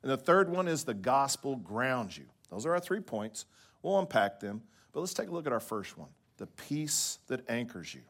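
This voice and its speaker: Man preaching a lively sermon. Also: medium pitch, normal speed. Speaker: pastor.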